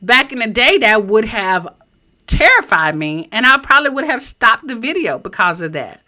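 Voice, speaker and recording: Southern lady coaching her viewers from her home office, kinda high voice, bouncy pitch, talks right to the camera. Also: normal speed. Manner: animated, chatty, talks straight to viewers. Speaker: business coach. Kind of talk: live-streamed teaching presentation.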